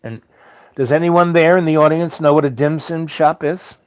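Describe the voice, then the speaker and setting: A man's voice: on the high side, steady tone, moderate pace, dry recording. A middle-aged man telling a long personal story in a rambling, conversational way, full of ums and you-knows. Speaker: storyteller host. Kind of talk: rambling spoken-word storytelling.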